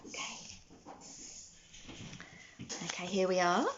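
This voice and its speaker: A woman teaching a children's phonics lesson, sounding out words slowly and praising often. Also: lowish voice, little pitch movement, lo-fi sound, noisy background. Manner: slow, sounding out words letter by letter with encouraging praise.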